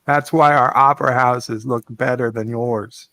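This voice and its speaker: A man joking on a video call, hamming up a mock Australian bartender routine with dry, deadpan delivery. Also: medium pitch, measured pace, dry recording. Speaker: pub chat regular. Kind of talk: joking banter in a virtual pub show.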